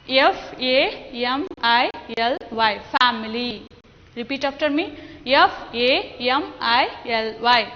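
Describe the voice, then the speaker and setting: A woman teacher with an Indian English accent, slowly explaining a lesson to children and coaxing the class with questions. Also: sits high, bright, forceful tone, slight background noise. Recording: dull lo-fi sound with long echo.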